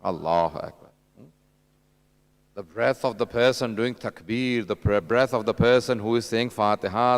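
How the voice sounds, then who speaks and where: This lecturer's voice is medium-pitched, creaky yet smooth, as he gives a conversational sermon at a religious mourning gathering. Addressing the crowd directly, he tells anecdotes and voices the dialogue himself.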